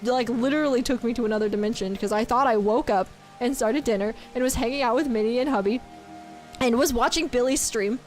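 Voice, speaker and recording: A woman's voice: a little high, brisk, a little mellow, faint music behind. A woman streaming a game, chatting casually and giggling as she reads chat aloud.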